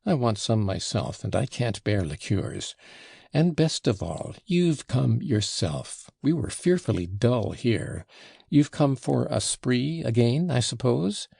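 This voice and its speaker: A man's voice: mid-range voice, very animated, takes it slowly, gravelly, mellow, husky, dry recording, studio quality, voice pushed up, full character voice. A man voicing an impatient, teasing young woman who scolds and insists. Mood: insistent. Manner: reproachful and insistent.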